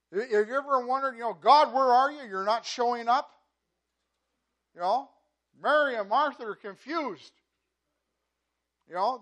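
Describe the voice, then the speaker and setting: The pastor's voice is very high as he gives a chatty sermon. He keeps repeating words and saying "you know," moving back and forth between loud emphasis and quiet side remarks.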